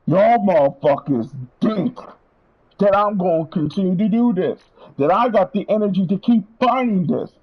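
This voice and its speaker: A man's voice: high-pitched, animated, moderate pace, muffled recording. A man streaming, delivering a heated, profane rant to his viewers. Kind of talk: angry rant.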